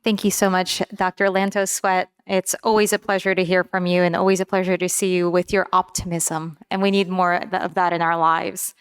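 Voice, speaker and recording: A woman's voice: lowish voice, little pitch movement, fairly quick, few pauses, clear, resonant tone, no echo, studio quality. A woman moderating an event, polite, with some hesitant fillers.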